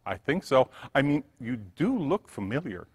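A gruff old homeless man growls and grumbles sarcastically, played by a male preacher. His pitch jumps around as he speaks. The church hall adds a long echo. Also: very animated, normal speed.

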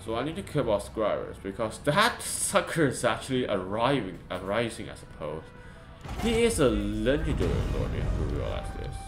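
A man giving casual gaming commentary, excitable, swinging from low mumbling to frustrated yelling. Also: normal speed. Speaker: gameplay commentator. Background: game music.

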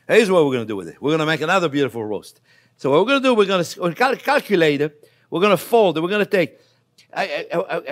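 An older man, a chef giving a chatty cooking demonstration in a kitchen, joking and laughing as he teaches. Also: high voice. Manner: animated, chatty, jokes and laughs while teaching.

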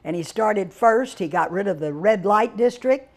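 An older woman from Texas, giving a digressive storytelling lecture with dramatic exclamations and drawn-out words. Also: medium pitch, animated. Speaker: guest speaker reviewing a book.

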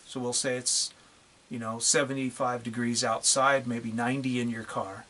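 A man's voice: medium pitch, little pitch movement, fairly bright tone. A middle-aged man delivering a profane, angry rant on his channel, drawing out words for emphasis. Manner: drawn-out emphatic phrasing. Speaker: channel host. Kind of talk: vlog rant to camera.

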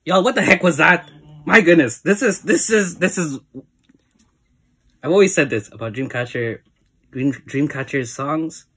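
An excitable music video reactor talking casually, saying "y'all" constantly and laughing often, sweaty and teary. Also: mid-range voice, husky. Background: music video playing.

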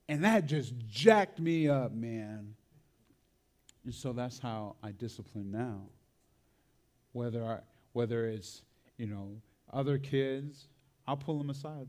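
A man's voice: medium pitch, slow, darkish tone. A man preaching a sermon, telling a personal story in a conversational way and tagging his lines with "right?" and "man".

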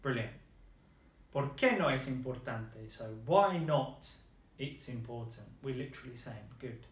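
A man's voice: mid-range voice, lively intonation, unhurried, reverberant. A man teaching a lesson, patiently modelling phrases and praising his student's answers. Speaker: language teacher.

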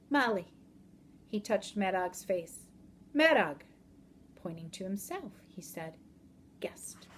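A woman narrating a children's novel aloud in an even, measured storytelling manner. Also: mid-range voice, a little hiss or hum. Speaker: audiobook narrator.

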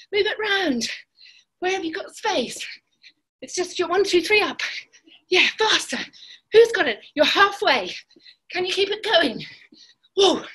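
High-voiced energetic woman fitness coach. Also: rough recording. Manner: energetic counting and cheering on. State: a little out of breath. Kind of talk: live online workout class. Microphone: video call.

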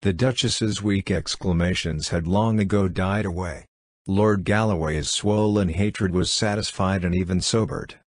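Low-voiced man reading a classic story. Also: unhurried, no room sound. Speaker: audiobook reader. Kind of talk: scripted narration of a classic story.

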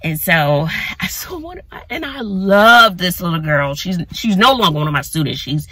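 A woman vlogging casually to her phone from her car, chatty and animated, talking to viewers as y'all. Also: on the low side, normal speed, breathy edge, no echo. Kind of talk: casual vlog talk to camera. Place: in or near her car outdoors in sun.

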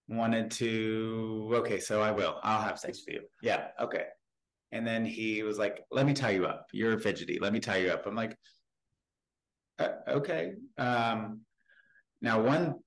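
Guest, male, 30s, lowish voice; candid, halting storyteller who often restarts. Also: fairly bright tone, rough recording. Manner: halting, frank, with many restarts. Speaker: podcast guest. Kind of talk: personal storytelling in an interview.

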